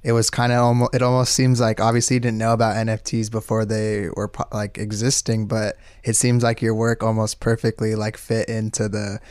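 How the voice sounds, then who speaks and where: A man hosting a casual interview, relaxed and affirming, with many fillers. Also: lowish voice, fairly quick, few pauses, smooth, no echo, clean studio sound. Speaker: interviewer, host.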